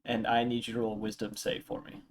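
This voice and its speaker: A man's voice: medium pitch, completely flat delivery, quick pace, slight background noise. A man narrating as dungeon master in a tabletop game, hesitant and full of ums and uhs.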